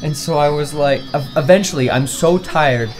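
A man's voice: a little high, normal speed, faint music behind. A young man telling a long, profane anecdote while co-hosting a casual video-game playthrough. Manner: animated anecdote-teller, swearing freely. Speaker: let's play co-host. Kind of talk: casual storytelling over gameplay.

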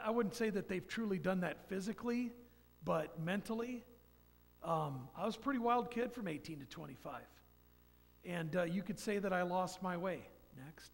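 A man's voice: sits high, expressive, moderate pace, creaky. A man in his fifties giving a folksy, rambling personal testimony in church. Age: 50s. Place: church sanctuary. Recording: long church hall reverb.

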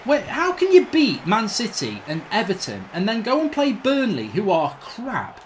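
A high-voiced man with a wildly swinging pitch, exasperated and swearing as he commentates his own football video game. He groans and grumbles at his team over a faint hum in the background. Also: huge pitch swings, normal speed. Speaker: gaming channel host. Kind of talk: live gameplay commentary.

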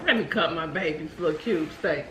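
A woman's voice: deep voice, fairly quick. A middle-aged woman chatting casually over a meal, playful and motherly, teasing her son. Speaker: guest, mother of the host. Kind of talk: casual mukbang chat. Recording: echoey room, music behind.

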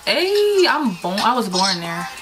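A woman's voice: a little high, sing-song, measured pace, heavy background noise. A young woman from Georgia, chatting nervously and giggling as she talks to strangers on phone video calls. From Georgia, USA. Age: young adult. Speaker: vlogger. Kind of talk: casual vlog chat with strangers on video calls. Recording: roomy sound under loud background music.

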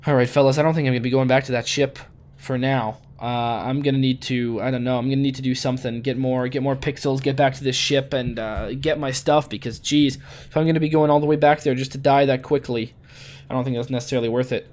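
A man's voice: mid-range voice, fairly even intonation, quick pace, a little mellow. A man hosting a let's play, narrating every move in a chatty way with goofy rhymes and wordplay. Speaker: gaming channel host.

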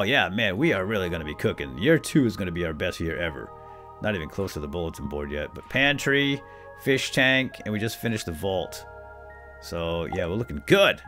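A man hosting a casual let's play, joking and talking to the characters on screen. His voice is animated and swings widely in pitch, and soft background music plays beneath him. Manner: animated, jokey, talks to game characters. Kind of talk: casual gameplay commentary.

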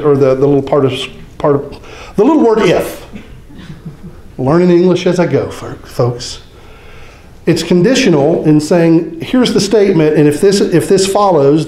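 A man preaching a sermon as pastor, joking and conversational, acting out quick mock voices. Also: on the high side, dark tone, reverberant, poor audio. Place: church sanctuary.

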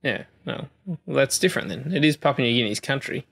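A man's voice: mid-range voice, expressive, brisk, creaky, fairly bright tone, husky. Man, podcast co-host, dry teasing manner, mid-range voice, video call, casual chat. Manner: dry, teasing, playing devil's advocate.

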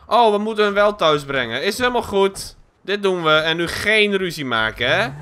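A man's voice: high voice, animated, brisk, pushed and bright. A man giving casual let's-play commentary, laughing and chatting between cutscenes. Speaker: gaming YouTuber.

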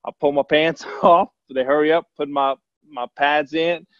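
A man, a former quarterback, telling a long story in a relaxed, rambling way with plenty of fillers. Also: a little high, normal speed, no room sound. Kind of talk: casual anecdote telling. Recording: dull lo-fi, dry sound.

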